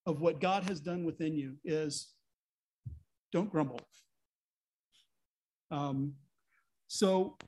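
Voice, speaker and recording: A man's voice: sits high, a little mellow. A man preaching a sermon as a pastor, earnest and full of rhetorical questions, sometimes speaking in God's voice.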